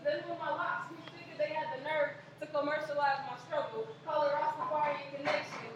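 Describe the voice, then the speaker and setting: A woman's voice: sits high, lightly acted. A woman poet giving voice to her own hair as a proud, defiant speaker, declaiming indignantly. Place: live poetry venue indoors. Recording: echoey room from far off, noisy.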